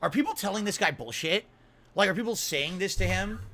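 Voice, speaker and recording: A streamer speaks straight to his audience in a disbelieving, complaining tone, circling back over the same points. His voice is bright and sharp and sits a little high. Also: lively intonation, brisk. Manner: incredulous, complaining, repeats himself. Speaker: video game streamer.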